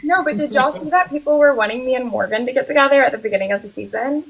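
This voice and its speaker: A young woman chatting as a guest on a live stream, telling animated stories. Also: high-pitched, quick pace, poor audio. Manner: animated storyteller, laughs often. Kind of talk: casual chat.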